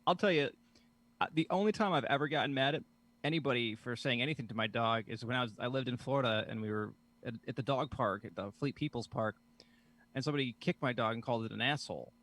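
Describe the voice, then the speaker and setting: A man's voice: medium pitch, fast, fairly bright tone. This is a man in an easygoing podcast chat, plain-voiced and conversational. He swears casually and tells stories without fuss. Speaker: regular show contributor.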